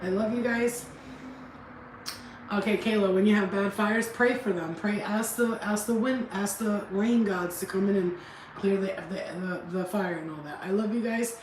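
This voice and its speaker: Blunt and profane, a woman who vlogs about spiritual healing chats casually on a livestream, laughing frequently and animatedly mimicking others in different voices. Her mid-range voice runs at normal speed, picked up by a distant mic in a reverberant, noisy setting.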